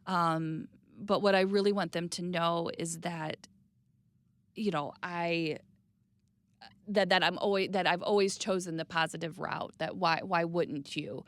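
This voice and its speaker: A woman in her thirties speaking candidly and reflectively as an interview guest, sometimes dropping to a soft, quiet voice. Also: fairly even intonation, unhurried, no room sound. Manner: reflective, plainspoken, drops to a soft low voice on hard news.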